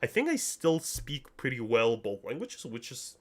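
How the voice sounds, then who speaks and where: A man's voice: mid-range voice, sing-song, moderate pace. Russian-accented man in casual stream chat. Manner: laughs often, restarts and trails off. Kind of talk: casual chat answering viewers.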